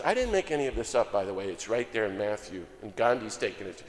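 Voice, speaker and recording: An older man preaching a lively, joking sermon as a guest speaker, swinging between loud exclamations and soft asides. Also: fairly low pitch, fast talker. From United States. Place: church sanctuary. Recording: long hall reverb.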